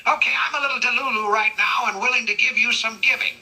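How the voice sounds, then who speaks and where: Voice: medium pitch, steady tone, fast, bright, forceful tone, poor audio. A synthetic voice playing a proud middle-aged male cartoon detective who complains in a huffy, exasperated way. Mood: grudging. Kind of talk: AI character chat role-play.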